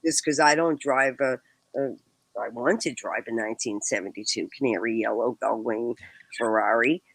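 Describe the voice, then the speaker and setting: A woman's voice: very deep voice, moderate pace, husky, poor audio. A woman in her sixties with a Boston accent, a guest telling stories in a casual chat and laughing often between phrases. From Boston, USA. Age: 60s.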